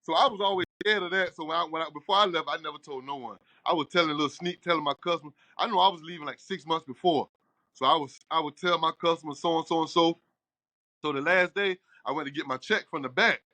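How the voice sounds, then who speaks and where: A middle-aged man, talking casually in his barbershop. He tells his story with animation and slips into the other people's lines as he goes. His voice sits a little high and sounds bright and forceful, recorded close and dry. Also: quick pace, dry recording. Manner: animated storyteller, acts out quoted dialogue. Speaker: barbershop owner.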